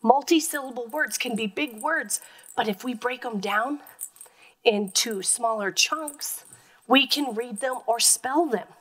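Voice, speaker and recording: A woman's voice: fairly high pitch, unhurried, fairly bright tone, rough recording. A woman teacher giving a phonics lesson to young children, patiently sounding words out letter by letter.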